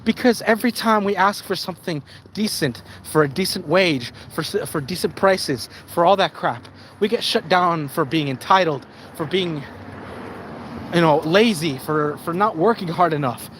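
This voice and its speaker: Guy ranting on his stream, cussing, tripping over his words, kinda higher voice. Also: moderate pace, fairly bright tone, slight background noise, poor audio. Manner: ranting, profane, stumbling over words and repeating himself. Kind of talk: ranting monologue on a live stream.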